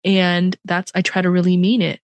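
Speaking at a normal pace in a voice on the low side, a middle-aged Canadian woman hosts a podcast interview with no echo in the recording. She comes across as reflective and emphatic, sometimes animated, keeping it conversational.

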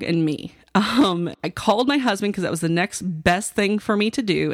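A woman tells a personal story to her listeners in a casual, chatty way. She tosses in fillers and asides as she goes. Her voice sits low with a gravelly fry, and the recording sounds dry and close. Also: dry recording. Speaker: podcast host telling a personal story.

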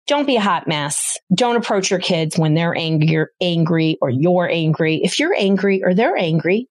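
A woman's voice: on the low side, expressive, normal speed, few pauses, no room sound. Emphatic woman hosting a parenting podcast. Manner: emphatic, addresses parents directly. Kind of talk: solo podcast advice talk.

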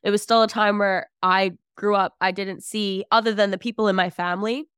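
A woman's voice: medium pitch, steady tone, fairly quick, a bit bright, clear, resonant tone, no room sound, studio quality. A woman in her twenties, a podcast guest telling a personal story in a chatty, filler-heavy way. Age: 20s. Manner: chatty, filler-heavy, acts out family dialogue. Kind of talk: casual storytelling.

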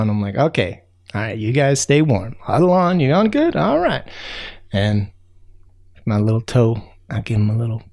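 A man voicing a chatty male raccoon who tells a rambling, excitable tall tale, full of fillers and sound effects, with a gravelly voice. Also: medium pitch. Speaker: storyteller.

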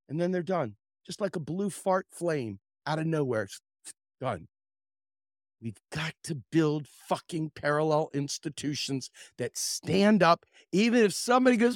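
A man hosting a podcast, ranting about politics in a profane, sarcastic, impassioned way, swinging from loud outbursts to low mutters. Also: lively intonation, moderate pace, dry recording, studio quality. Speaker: podcast host. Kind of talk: political commentary rant.

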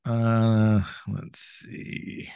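A man co-hosting a podcast in casual chat, chatty and quick to laugh. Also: gravelly, smooth, dry recording, clean studio sound. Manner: chatty, laughs often, animated pitch swings. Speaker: podcast co-host.

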